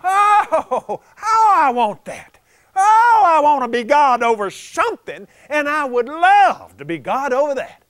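A man's voice: very high voice, animated, slow pace, a bit bright, no room sound, studio quality, pitched above the performer's own voice, heavily acted. A man preaching a sermon voices Lucifer as an envious, scheming male fallen angel who whines and gasps with longing. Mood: covetous awe. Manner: whining, covetous, gasping in awe. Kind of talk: sermon re-enactment.

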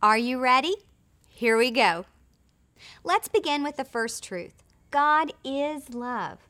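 A woman presenting a scripted Bible study lesson in a clear, measured, gently emphatic way. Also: high voice, expressive. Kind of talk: scripted teaching narration.

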